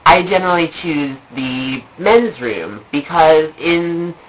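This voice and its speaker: A young adult woman vlogger rambles through funny personal stories, full of fillers and repeated phrases. Her voice sits low with lively intonation, and she takes her time. The recording quality is poor.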